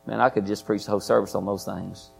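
A man's voice: fairly low pitch, level tone, fast, gravelly, soft background music. A man preaching a sermon as pastor, folksy and repetitive, often asking his congregation questions. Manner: folksy, repeats phrases, asks the congregation questions.

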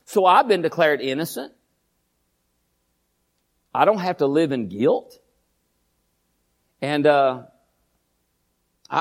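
A male pastor preaching a sermon in a folksy, animated way, rising into emphatic bursts. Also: on the high side.

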